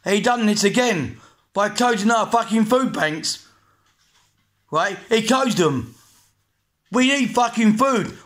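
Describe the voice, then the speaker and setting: A man in his forties with an English accent and a rather high voice, venting in an agitated, repetitive rant. He swears freely and hammers the same blunt points over and over, talking straight to his camera. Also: a bit bright. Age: 40s. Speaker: vlogger.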